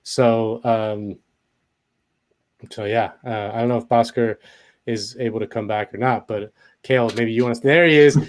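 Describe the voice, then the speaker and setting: A man's voice: mid-range voice, steady tone, moderate pace, pauses often. A man talking casually as a guest, hesitant, with many fillers and restarts. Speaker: guest commentator. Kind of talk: casual conversation.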